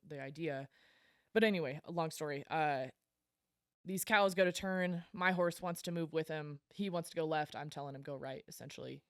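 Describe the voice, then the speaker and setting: A woman guest on a podcast, telling a story in casual talk, animated and self-deprecating, laughing often and with plenty of fillers. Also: deep voice, dry recording, studio quality. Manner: frequent fillers like um and like.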